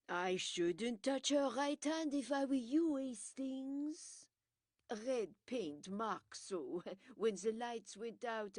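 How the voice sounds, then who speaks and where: A woman voicing a fussy, self-assured older male detective who explains things in a brisk, lecturing way. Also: fairly high pitch, darkish tone, dry recording, studio quality, heavily acted. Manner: brisk, lecturing, pleased with himself.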